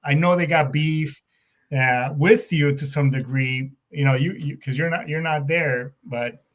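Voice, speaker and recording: A man hosting an interview, a Marine veteran himself, with a fairly high voice. He talks in a loose, friendly way, with casual slang and rambling questions. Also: unhurried. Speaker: podcast host, Marine veteran.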